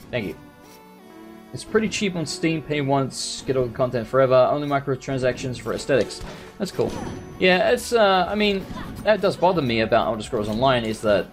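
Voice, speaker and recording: Man, let's play host, casual gameplay commentary, sarcastic and sweary, very expressive pitch, faint music behind. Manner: rambling, sweary, sarcastic ranting.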